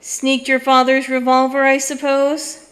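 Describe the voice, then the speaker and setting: A woman voicing a stern, bitter older male magistrate from a storybook, gruff and accusing. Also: high-pitched, monotone, unhurried, a bit bright, voice pushed up.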